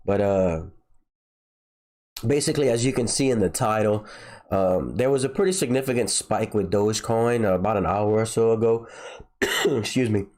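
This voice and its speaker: Man, channel host, head-cold stuffiness, rambling with lots of fillers, fairly low voice. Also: moderate pace, long pauses, darkish tone. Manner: rambling, many filler words and restarts. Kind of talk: casual solo video talk.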